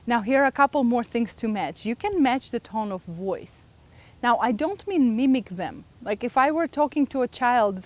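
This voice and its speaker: Lady teaching a workshop, kinda high voice, keeps asking the crowd questions. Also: darkish tone. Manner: engaging, asks the audience questions. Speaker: workshop presenter. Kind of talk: live seminar talk to an audience.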